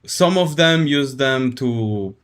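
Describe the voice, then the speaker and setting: A man's voice: mid-range voice, expressive, takes it slowly. A male livestreamer chatting casually with his audience, laid-back and jokey, reacting to chat with laughs. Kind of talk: casual live-stream chat.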